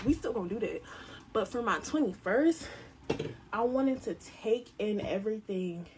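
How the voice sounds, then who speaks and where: A woman in her early twenties chatting casually to camera in a vlog, animated and talkative, swinging from loud to soft. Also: mid-range voice, noisy background. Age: 20s. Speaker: vlogger. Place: cabin.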